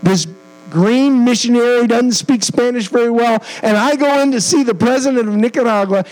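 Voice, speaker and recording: A man with a notably high voice preaches at a church, telling a story from his missionary work. He mixes earnest conviction with self-deprecating jokes, reliving each moment as he goes. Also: darkish tone, poor audio. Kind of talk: storytelling sermon.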